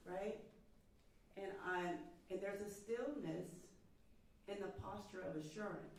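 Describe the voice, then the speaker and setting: This vocal coach speaks in a mid-range, slightly mellow voice, a little slow and with frequent pauses. During a masterclass she encourages the singer, talks over the singing, and sometimes demonstrates phrases by singing them. The mic is far off in an echoey hall.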